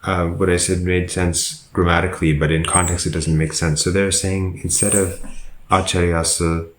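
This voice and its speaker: A monk teaching a Pāli grammar lesson, working through sentences slowly and methodically and pausing to correct himself. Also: male voice, low-pitched, flat delivery, echoey room, low-quality recording.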